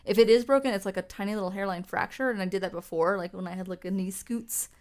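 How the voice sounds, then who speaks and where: Animated woman co-host telling a story. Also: mid-range voice, quick pace. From United States. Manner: animated storytelling, acts out quoted voices. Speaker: podcast co-host. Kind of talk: casual chat.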